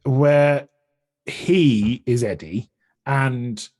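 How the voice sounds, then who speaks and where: A man's voice: medium pitch, extremely slow, darkish tone. A man with an English accent, a comedian and streamer talking as a guest on a podcast, earnest and chatty, often restarting his sentences. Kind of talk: casual conversational interview.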